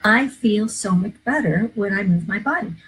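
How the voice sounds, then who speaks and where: The audio is poor, with slight background noise, as a woman minister with a mid-range, expressive, a bit bright voice hosts a live show at a moderate pace. She gives an earnest, coaching inspirational talk, repeating key phrases for her viewers.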